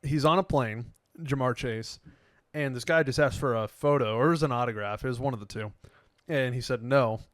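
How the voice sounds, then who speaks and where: A young man co-hosting a podcast in casual chat, telling stories with lively quoted voices and frequent laughs. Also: a little fast, dry recording, clean studio sound. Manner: animated storyteller, acts out quotes with sudden loud pitch jumps, laughs often. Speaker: podcast co-host.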